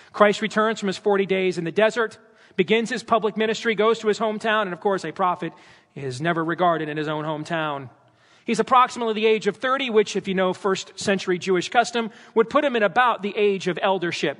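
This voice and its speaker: A man preaching a sermon at his church, animated and dramatizing scripture with character voices. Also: high voice. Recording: long hall reverb.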